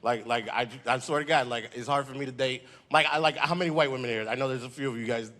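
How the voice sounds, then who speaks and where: A man's voice: mid-range voice, quick pace, bright, forceful tone. A man doing a stand-up comedy set, brash and profane, teasing the crowd.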